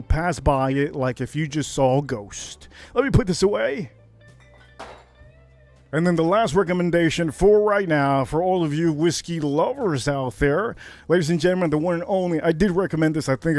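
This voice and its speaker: A man from Miami hosting a casual whiskey livestream, brash and hyped, jumping to high shouts on catchphrases. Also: dry recording. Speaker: livestream host reviewing whiskey.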